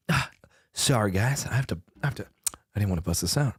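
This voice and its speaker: Young male streamer, lively pitch, swears and shouts, dry close sound. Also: fast talker, husky, no room sound, soft background music. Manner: animated, swearing, shouting in protest. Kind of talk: casual stream chat.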